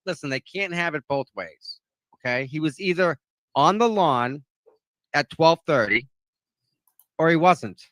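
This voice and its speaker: A man's voice: fairly high pitch, expressive, unhurried, long pauses, fairly bright tone, dry recording. A man with a Boston accent, co-hosting a casual chat and making blunt, emphatic points. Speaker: co-host.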